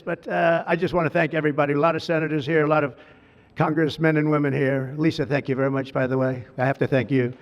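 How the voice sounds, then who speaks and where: An American man giving an ad-libbed public speech at a ceremony, rambling and digressive, repeating lavish praise. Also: fairly high pitch. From United States. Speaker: politician addressing a crowd. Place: large outdoor ceremony at an official residence. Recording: dull reverberant public-address sound.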